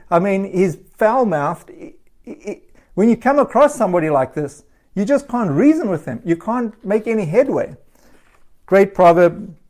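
A man preaching a relaxed sermon, telling stories and laughing at times. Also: a little high. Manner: casual storytelling with laughs.

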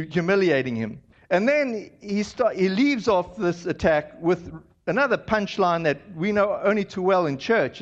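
A man preaching a sermon as pastor, in a loose, conversational way with many fillers and restarts, on dull lo-fi audio. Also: sits high.

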